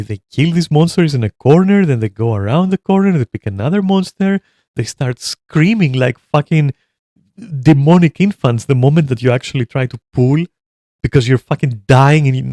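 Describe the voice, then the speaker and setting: A man rants through a gaming commentary, cursing freely and sneering at the players he talks about. His voice sits at an ordinary pitch and comes across close and dry, with no room sound. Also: no echo. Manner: profane, heated, swears constantly; animated and mocking, laughs at his own jokes. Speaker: commentator reacting to a video. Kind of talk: ranting commentary on online gaming.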